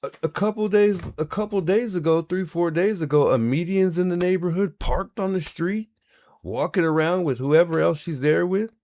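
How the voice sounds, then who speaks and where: A man's voice: high-pitched, normal speed, darkish tone, no room sound, studio quality. A man hosting a livestream, reacting in casual commentary and repeating himself in disbelief. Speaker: livestream host.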